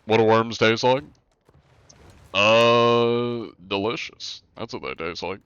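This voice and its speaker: Playful low-voiced man streaming a game. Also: slow pace, fairly bright tone, smooth, no room sound, lo-fi sound. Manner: joking, playful, talks while playing. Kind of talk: casual live-stream chat with role-play.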